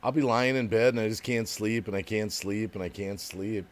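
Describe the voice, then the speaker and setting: A man's voice: fairly low pitch, normal speed. A man hosting a casual livestream, reading viewer comments aloud, chatting and laughing often. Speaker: livestream host.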